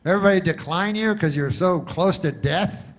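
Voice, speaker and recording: A man voicing a pushy, upbeat insurance pitchman selling policies to old people, in loud, overeager sales patter. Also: normal speed. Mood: eager selling.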